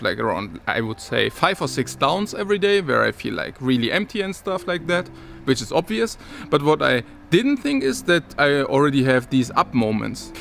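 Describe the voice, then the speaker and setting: A man's voice: on the high side, vocal fry, fairly bright tone, slight background noise. A man talking casually to his viewers as a vlogger, rambling and restarting his sentences, with occasional chuckles. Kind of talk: casual talk to camera.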